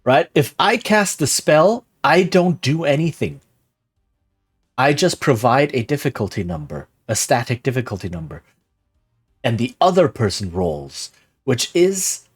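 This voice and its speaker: A man's voice: mid-range voice, sing-song, takes it slowly, long pauses, husky, soft background music. A man streaming live, casually explaining something and often asking "right?" as he goes. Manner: rambling, keeps asking "right?".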